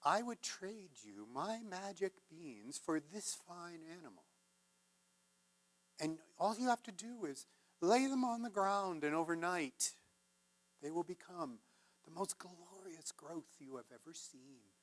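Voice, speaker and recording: Man voicing a coaxing flamboyant traveler, hushed persuasive voice, slow unhurried delivery, fairy-tale retelling. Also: high-pitched, expressive, no room sound. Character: strange flamboyant male traveler, smooth-talking.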